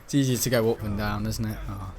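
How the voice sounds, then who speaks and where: A man's voice: fairly low pitch, steady tone, quick pace, a little mellow, a little hiss or hum. A man giving rambling, jokey commentary over a video game, often breaking into giggles. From north-west England. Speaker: gaming channel host. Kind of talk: casual gameplay commentary.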